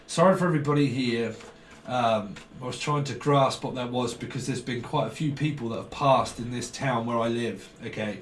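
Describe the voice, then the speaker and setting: A man's voice: medium pitch, normal speed. A man giving a casual tarot reading, rambling in a stream of consciousness and chuckling often. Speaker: tarot reader. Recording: roomy, distant mic, faint background noise.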